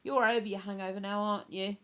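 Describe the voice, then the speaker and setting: A woman's voice: mid-range voice, fairly even intonation, quick pace, fairly bright tone. Chatty woman hosting a live stream. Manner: chatty, rambling, with many fillers. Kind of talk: casual live-stream chat, reading viewer comments.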